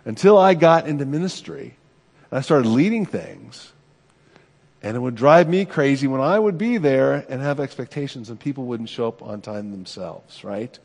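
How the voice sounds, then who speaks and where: A man's voice: a little high, a little mellow, long reverb tail. A middle-aged man, a pastor, preaching a sermon in a conversational, self-deprecating way, often checking in with "right?".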